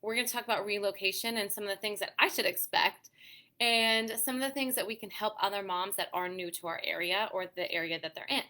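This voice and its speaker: A woman's voice: medium pitch, a little fast, bright, forceful tone. A woman hosting a casual livestream for moms, chatty and encouraging, reading out viewer comments. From Pittsburgh area, USA. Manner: chatty and encouraging, often adds "okay?" and "you know". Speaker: host of a mom community livestream.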